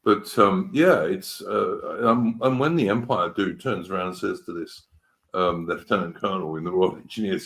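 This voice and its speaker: A man's voice: low voice, lively intonation, normal speed, fairly bright tone. A man hosting a casual political talk show, rambling and emphatic, with rhetorical questions. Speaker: host.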